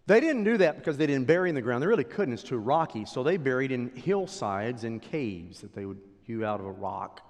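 A pastor preaching a sermon, swinging from loud declarations to hushed whispers. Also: male voice, mid-range voice, animated, a little fast, few pauses. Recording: long hall reverb.

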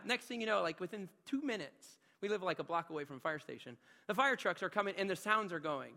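A man preaching a sermon as pastor, passionate and conversational, dropping to hushed asides and climbing to loud emphatic peaks. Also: high voice, fast talker, creaky, hardly any pauses. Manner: conversational, with frequent filler asides. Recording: long reverb of a large hall.

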